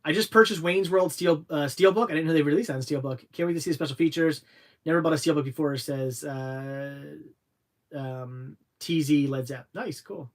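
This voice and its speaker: Rambling man reading live chat aloud. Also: on the high side. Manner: rambling, halting, reads viewer questions aloud. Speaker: livestream host answering chat. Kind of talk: casual livestream chat.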